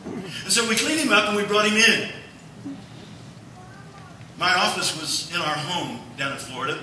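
Bright-voiced preacher in an echoey hall. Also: male voice, high voice, moderate pace, a little hiss or hum. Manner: folksy, animated storytelling. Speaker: pastor. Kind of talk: sermon with storytelling. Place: church sanctuary. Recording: echoey church hall from far off.

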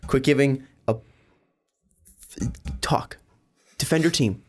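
A man's voice: mid-range voice, takes it slowly. A man hosting a casual sports talk show, ranting bluntly and with profanity about his team. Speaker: sports podcast host.

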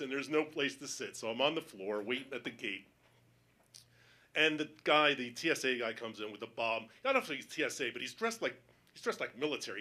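On stage, a male stand-up comedian with a mid-range voice tells a story, acting out other people's voices and building up to panicked shouting.

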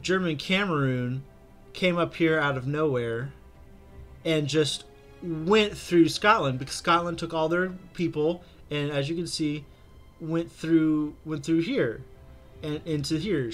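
A man's voice: a little high, a bit bright. Young guy rambling thru his strategy game, lots of ums, faint music behind. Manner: chatty, rambling, with many fillers and restarts. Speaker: gaming channel host. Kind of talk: casual strategy game commentary.

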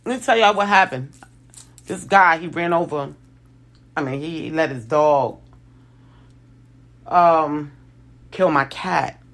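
Animated New woman telling a story. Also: deep voice, takes it slowly, pauses often. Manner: animated, restarts and self-corrections, lively quoted voices. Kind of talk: casual storytelling to camera.

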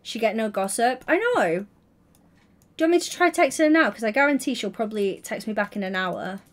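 A woman's voice: on the high side, animated, fairly quick. A young woman streaming, chatting casually and teasingly while building in a game. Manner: teasing, giggly, playful.

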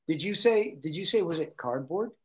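A middle-aged man, a guest actor, telling animated anecdotes and acting out quotes with laughter. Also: a little high, normal speed. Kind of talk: anecdotal storytelling.

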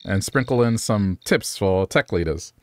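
A man's voice: fairly low pitch, animated, a little slow, dry recording, faint music behind. An eager male tech influencer full of buzzwords, as voiced by a synthetic game voice. He gushes in bubbly hype phrases, recorded dry and close. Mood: gushing. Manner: bubbly, gushing hype talk.

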